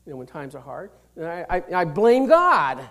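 A male pastor with a high-pitched voice delivers a sermon, slowly reading old scripture verses and then explaining them plainly. His pitch swings widely as he moves between loud, emphatic lines and hushed near-whispers.

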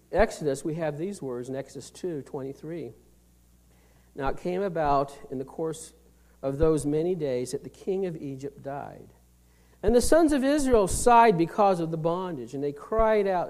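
In a fairly high voice, a man preaches as a pastor, reading scripture slowly before putting it into plain terms. He alternates between loud emphasis and quiet, almost whispered lines.

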